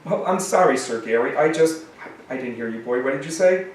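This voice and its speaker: A man voicing a grim, leather-clad adult man who talks in a high, effeminate, mean way. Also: lively intonation, fairly quick, heavy reverb, far from the mic, slight background noise, close to an everyday voice, low-quality recording. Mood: mean prissy. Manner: prissy, stern and commanding.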